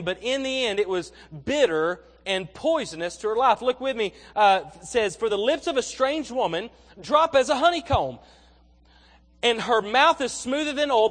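A young male preacher with a fairly high voice gives a conversational, storytelling sermon, stumbling and repeating words as he goes. His voice rings with the long reverb of a large church hall. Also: a bit bright.

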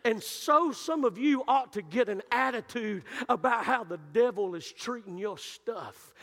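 A man preaches in a church, his voice unusually high and bright. He tells stories with energy and rises to shouted peaks, and long reverb from the hall trails each phrase. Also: expressive, normal speed, few pauses. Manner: storytelling, building to shouted climaxes. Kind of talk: sermon. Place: church sanctuary.

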